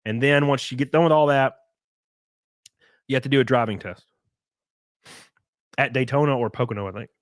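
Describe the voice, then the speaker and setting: A man chats on his livestream, reading viewer messages aloud and mimicking critics in mocking voices. His voice sits at an ordinary middle pitch, and the room sounds dry and close. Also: moderate pace, pauses often, dry recording. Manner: animated, swears, mocks critics in put-on voices. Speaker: livestream host. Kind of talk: casual livestream chat reading super chats.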